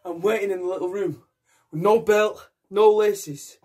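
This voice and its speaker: Young guy doing a stage monologue, intense and raw, high voice and a bit husky. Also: steady tone, a little slow, darkish tone. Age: young adult. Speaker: actor. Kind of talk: solo theatre monologue.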